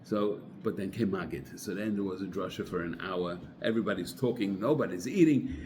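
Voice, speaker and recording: A man giving an informal Torah talk, telling a parable as a conversational storyteller who clears his throat now and then. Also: deep voice, fairly quick, noisy background. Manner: conversational storyteller, sprinkles religious terms. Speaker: Torah teacher.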